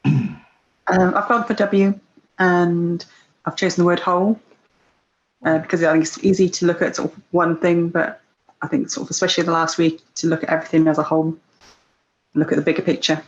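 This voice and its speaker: A woman's voice: fairly low pitch, flat delivery, brisk, long pauses, muffled recording. A woman in a group coaching session who talks in a reflective, hesitant way. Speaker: coaching client.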